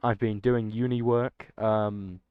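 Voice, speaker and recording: A young man chatting excitably and rambling to his livestream chat. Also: on the low side, takes it slowly, smooth, no echo. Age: young adult. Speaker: streamer. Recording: dull lo-fi dry mic.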